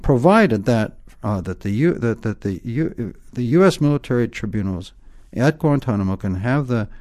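A man's voice: medium pitch, animated, normal speed, a little mellow. A man explaining points emphatically in an interview, lecturing and often tagging points with "okay?". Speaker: guest expert.

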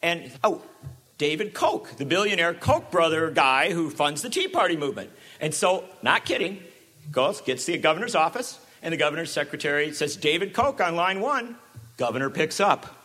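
A man giving a talk, sarcastic and full of asides. His voice is bright and forceful, a little higher than most, and it swings widely in pitch. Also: moderate pace. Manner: sarcastic, animated, with many asides. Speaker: speaker. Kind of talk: public talk.

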